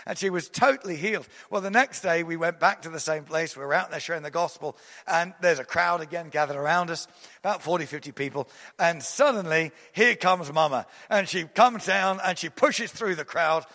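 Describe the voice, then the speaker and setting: A man preaches with a high, bright, ringing voice that swells into emphatic declarations. He tells long stories with quick restarts, and his words trail off into the long reverb of a large hall. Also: creaky. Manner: storytelling with restarts. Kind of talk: sermon.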